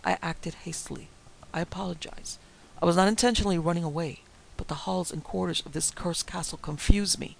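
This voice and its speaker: A calm, courteous swordsman, voiced by a male narrator, speaks evenly in a storybook reading. The voice is gravelly and a touch high. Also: brisk, slight background noise, rough recording. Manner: calm, apologetic.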